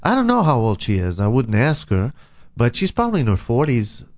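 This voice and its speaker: A man hosts a talk show with a jokey, self-mocking manner and frequent laughs. His pitch swings widely as he talks. The sound is slightly dull and lo-fi. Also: huge pitch swings, fairly quick. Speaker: radio show host. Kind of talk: casual on-air banter.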